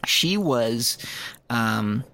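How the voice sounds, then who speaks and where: Male podcast co-host, playful, medium pitch, casual chat. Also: animated, very slow, pushed and bright. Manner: jokey, acts out quotes in silly voices.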